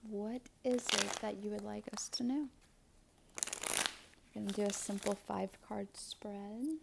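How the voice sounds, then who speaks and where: A woman giving a spiritual tarot reading and prayer in a soft, often half-whispered voice, her mouth a little swollen after dental work. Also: mid-range voice, steady tone, unhurried, gravelly, long pauses, heavy background noise. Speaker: tarot reader and astrologer.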